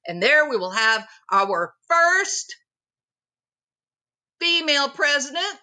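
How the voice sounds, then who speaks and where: A woman's voice: sits high, sing-song, slow, bright, forceful tone. A woman hosting her own commentary channel, talking in a sarcastic, mocking monologue. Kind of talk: opinionated monologue.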